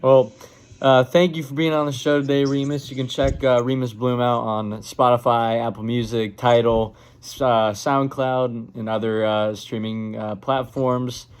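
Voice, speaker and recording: A man's voice: medium pitch, little pitch movement, a little slow, smooth. A man hosting a radio show, interviewing a guest casually and searching for words as he asks his questions.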